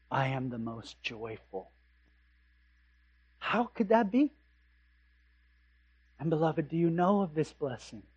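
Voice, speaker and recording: A male pastor preaching slowly and deliberately in a fairly high voice. He swings between loud, fervent emphasis and hushed, quiet lines, and asks rhetorical questions of his congregation. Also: muffled recording. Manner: impassioned preaching, rising to loud emphasis and dropping to hushed tones. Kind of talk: sermon.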